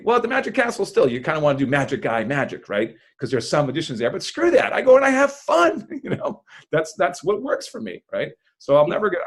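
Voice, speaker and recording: A man, a magician, talking in a lively podcast interview, with loud bursts of enthusiasm and frequent laughter. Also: mid-range voice. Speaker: magician guest.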